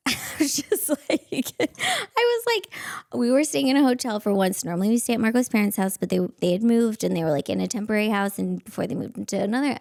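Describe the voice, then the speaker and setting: A woman telling comic stories on a podcast, acting out every voice and laughing as she goes. Her voice has a slightly gravelly, fry-touched edge, and it sounds dry and close to the mic. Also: mid-range voice, dry recording. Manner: animated, acts out voices, laughs often. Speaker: podcast host and stand-up comic. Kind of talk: casual comedic storytelling.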